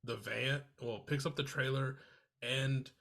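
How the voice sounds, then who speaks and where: A man's voice: mid-range voice, fairly even intonation, unhurried, gravelly, pushed and bright. A man from New York, a guest musician, telling a tour story in laid-back casual chat.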